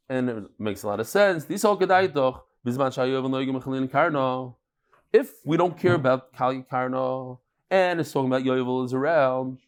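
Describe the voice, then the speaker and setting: A man leads a daily Talmud class in a fairly high, very lively voice that rises and falls freely. He breaks each case down with rhetorical questions and homely examples, and his delivery stays animated. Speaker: Talmud teacher.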